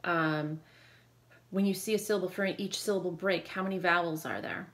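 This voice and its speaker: A woman teacher leading a phonics lesson, calling out brisk drill prompts and giving quick praise. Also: on the low side, fairly even intonation, a bit bright.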